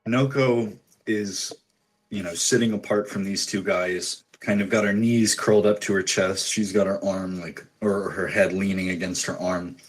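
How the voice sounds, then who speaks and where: A man's voice: low-pitched, steady tone, moderate pace, poor audio. A man narrating a tabletop role-playing game as game master, describing scenes in a loose, storytelling way.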